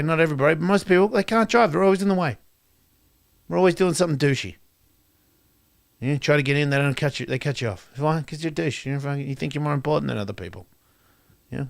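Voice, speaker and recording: A man doing a profane stand-up rant, swinging between loud outbursts and quiet asides. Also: on the high side, creaky. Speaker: comedian.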